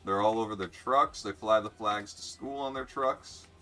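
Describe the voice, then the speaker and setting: A man's voice: lowish voice, moderate pace, pushed and bright, faint music behind. A young man live-streaming a racing game, chatting bluntly and sarcastically with viewers and swearing freely. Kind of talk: casual live-stream chat while gaming.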